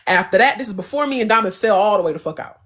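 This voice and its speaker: A young adult woman as an interview guest, telling a story in a casual, animated, profane and emphatic way. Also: mid-range voice, rapid-fire.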